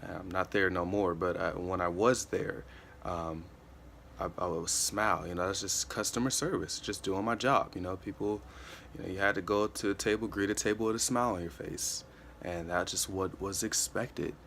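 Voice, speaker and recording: A young man with a very low, deep voice talks earnestly in a relaxed motivational vlog. He circles back on his points and leans on "you know" as he goes. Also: moderate pace, vocal fry, a little hiss or hum. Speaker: motivational vlogger. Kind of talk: casual motivational monologue.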